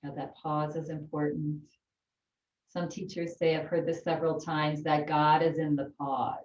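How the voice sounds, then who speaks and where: A woman teaching chair yoga to a group, talking slowly and calmly through counted breaths and gentle movement cues. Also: deep voice. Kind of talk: guided breathing and yoga instruction. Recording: echoey room, distant dull mic.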